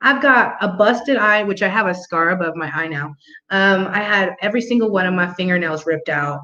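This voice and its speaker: A woman's voice: on the low side, brisk, sharp tone. A young adult woman telling a story in a casual monologue, blunt and profane, laughing now and then. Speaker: vlog host. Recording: roomy, muffled home recording.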